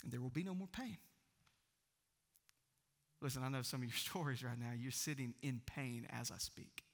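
A man, preaching a sermon in a church and swinging from loud proclaiming to hushed near-whispers. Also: medium pitch, normal speed, vocal fry, big-room sound. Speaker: pastor.

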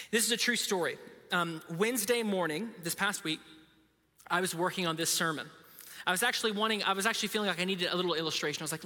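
Preacher, thirties, high crisp voice, chatty anecdotes, echo of a large church hall. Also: male voice, pushed and bright. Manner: conversational storytelling with self-deprecating humor. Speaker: pastor. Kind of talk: sermon. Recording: reverberant hall.

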